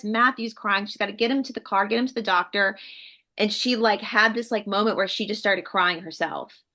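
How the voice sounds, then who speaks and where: A woman from the co-hosts a relaxed conversation. She tells stories with energy and acts out the voices of the people in them, at a middle pitch. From Southern United States. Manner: animated storyteller, acts out quotes. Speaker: co-host. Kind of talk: casual conversation.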